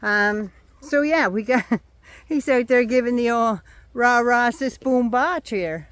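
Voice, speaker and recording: A woman's voice: a little high, slow pace, a bit bright, no echo. An older woman vlogging outdoors in her yard, talking to a phone or camera held at arm's length in a sarcastic, mocking casual rant.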